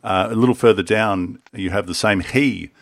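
A man's voice: fairly low pitch, steady tone, brisk, dry recording, studio quality. A man in a scripture discussion who asks questions, reads a passage aloud with emphasis and tells homely stories. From Australia.

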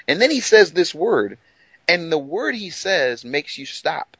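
A man's voice: fairly high pitch, big pitch swings, normal speed, a bit bright, slightly rough, no room sound, rough recording. A man co-presenting a radio Bible discussion, talking enthusiastically and laughing often.

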